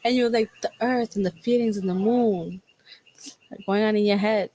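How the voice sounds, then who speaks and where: A woman's voice: mid-range voice, fairly even intonation, normal speed, dark tone, slight background noise. A young woman with a Puerto Rican accent chatting casually with her sister, giggly and blunt, swearing freely. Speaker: co-host. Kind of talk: casual chat between sisters.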